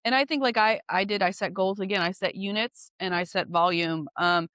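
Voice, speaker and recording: A woman with a mid-range, fairly bright voice talks briskly on a dry recording. She's a real estate agent appearing as an interview guest, candid and driven, and she laughs easily during the casual chat.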